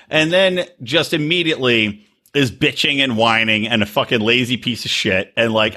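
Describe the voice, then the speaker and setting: A man's voice: mid-range voice, normal speed, bright, forceful tone. A man co-hosting a podcast, chatting casually, swearing a lot and mimicking the people he talks about. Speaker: podcast co-host. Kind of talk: casual profane chat.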